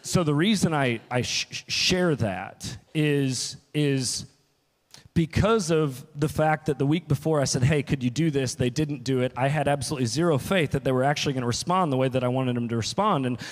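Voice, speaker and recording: A male pastor gives a relaxed, conversational sermon, telling stories and acting out what he said in quotes. His voice sits at an ordinary middle pitch. It rings with the long reverb of a large church hall. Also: moderate pace. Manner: storytelling with restarts and quoted asides.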